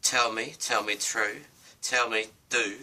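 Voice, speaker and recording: A man voicing a mild, forgetful male goldfish in a homemade storybook, speaking higher than his own voice. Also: flat delivery, takes it slowly, pushed and bright, recorded from a distance, full character voice. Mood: puzzled.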